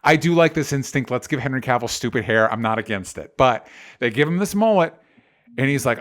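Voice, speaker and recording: A man's voice: mid-range voice, expressive, quick pace, fairly bright tone. A man co-hosting a casual chat show, ranting animatedly with exasperation and swearing. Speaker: podcast co-host.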